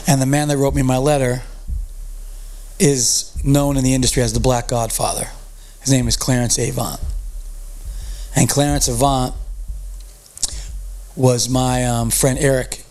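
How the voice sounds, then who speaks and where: A man's voice: medium pitch, a little mellow. A man guesting on a podcast, telling a story casually and acting out the quoted dialogue in a raised voice, with loose, profane street talk. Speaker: podcast guest, music promoter.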